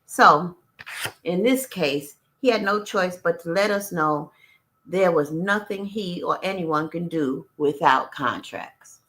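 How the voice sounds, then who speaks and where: Reading a memoir aloud on a live stream, a woman speaks slowly in a low, slightly bright voice. She breaks off now and then to greet viewers and toss in blunt, profane asides, serving as both audiobook reader and stream host.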